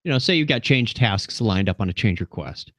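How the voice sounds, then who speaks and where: A man's voice: lowish voice, expressive, a little fast, fairly bright tone, no echo, studio quality. A man co-hosting a tech webinar over a web call, asking follow-up questions and checking that he has understood. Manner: inquisitive, checks his understanding. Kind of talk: webinar discussion.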